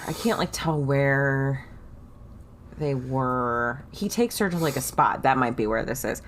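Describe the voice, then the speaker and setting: A woman's voice: a bass voice, unhurried, a little hiss or hum. A woman co-hosting a book-club podcast, chatting casually and reading quotes with frequent ums and bouts of laughter. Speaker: podcast co-host.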